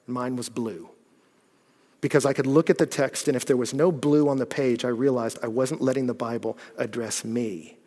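A man preaching a sermon, animated and shifting from loud bursts to hushed, earnest passages. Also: mid-range voice, normal speed. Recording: long hall reverb.

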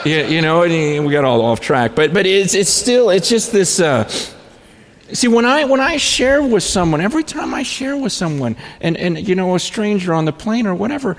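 A man preaching as a pastor, telling stories in an animated way with frequent restarts and stammers. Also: high voice, normal speed, long reverb tail. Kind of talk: storytelling sermon.

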